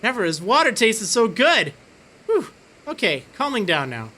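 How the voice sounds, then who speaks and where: A woman's voice: on the high side, big pitch swings, normal speed, a bit bright. A woman voicing a confused young hero who has turned into a small, cute creature, speaking in a startled, exclamatory way. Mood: bewildered. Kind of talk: reading game dialogue aloud.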